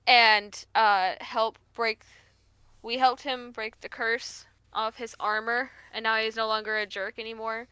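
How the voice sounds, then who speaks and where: A woman player recapping a game session in casual chat, halting and searching for words. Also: a little high, flat delivery, pushed and bright, smooth, no echo.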